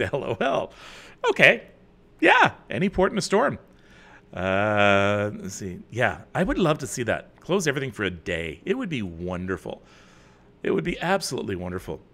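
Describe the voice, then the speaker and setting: A middle-aged man from Canada hosting a live chat, reading viewer comments with loud bursts and quiet asides. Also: lowish voice. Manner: chatty, with many fillers and restarts. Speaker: host.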